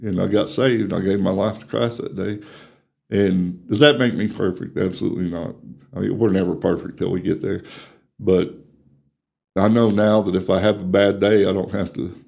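A middle-aged man, earnestly telling his life story in an interview, plain-spoken and quiet at the painful parts. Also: low-pitched, fairly even intonation, moderate pace, vocal fry. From Texas, USA. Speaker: ministry coordinator.

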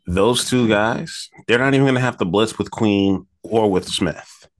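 A man with a very low, deep voice talks through his football picks with easy confidence, reasoning out loud and pausing as he thinks. His voice sounds dry and close, with no room behind it. He sounds like the regular co-host of a casual sports betting show. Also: dry recording.

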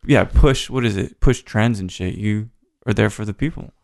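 A man's voice: on the low side, moderate pace, gravelly, a little mellow. An American man hosting a podcast, interviewing guests in an easygoing, affirming way. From United States. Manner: easygoing, affirming, asks long questions. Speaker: podcast host. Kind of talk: casual interview.

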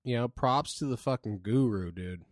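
A male podcast co-host with a mid-range voice talks at a moderate pace on a dry, clean studio recording. He tells a loose, rambling story in a laid-back, casual way, with fillers throughout.

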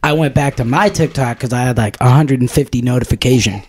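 A man's voice: medium pitch, quick pace, a little mellow, husky. A man co-hosting a podcast, rambling in casual chat, blunt and profane. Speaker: podcast co-host.

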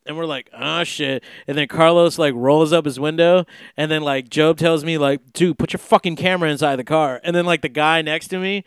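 A man's voice: fairly high pitch, clear, resonant tone, no echo, studio quality. A young man from the Los Angeles area talking in a casual, rambling monologue, profane and full of fillers and restarts. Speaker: podcast host.

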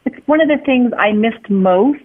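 A woman's voice: a little high, expressive, moderate pace, husky. A woman calling in to a radio show, cheerful and upbeat. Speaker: caller. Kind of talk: phone-in chat. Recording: tinny phone line.

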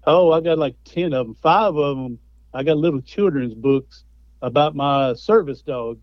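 A man's voice: fairly high pitch, normal speed, no room sound, dull audio. A man, a guest speaker and author telling stories in a folksy, conversational way. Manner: folksy storytelling. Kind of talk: conversational interview.

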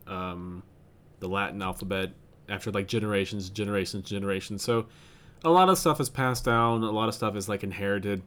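A man's voice: on the low side, a bit bright. A man co-hosting a podcast, chatting casually and thinking aloud with lots of fillers and restarts. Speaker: podcast co-host. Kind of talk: casual chat.

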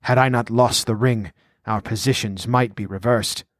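A man voicing a bitter, resentful fallen sorcerer who speaks in a low growl. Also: steady tone, moderate pace, no room sound, clean studio sound, close to an everyday voice.

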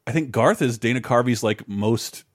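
A man's voice: medium pitch, normal speed, no echo, clean studio sound. A man in his thirties co-hosting a podcast in casual chat, rambling and swearing with many restarts. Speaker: podcast co-host.

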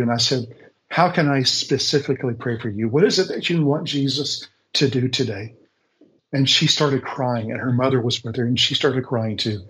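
A man's voice: medium pitch, a bit bright, poor audio. Male guest, mid-range voice; earnest, faith-driven testimony with frequent restarts. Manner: earnest, repeats words as he searches for them; speaks with faith-filled conviction. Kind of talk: casual storytelling on a call-in show.

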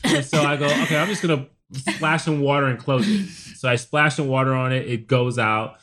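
A man of almost forty, a father telling a family story in casual chat, animated and loudly acting out his own lines. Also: mid-range voice, a little fast, slight background noise.

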